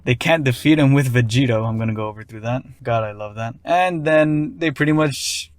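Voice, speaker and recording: A man giving a casual, rambling opinion rant as an anime commentator, often frustrated and dismissive. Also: medium pitch.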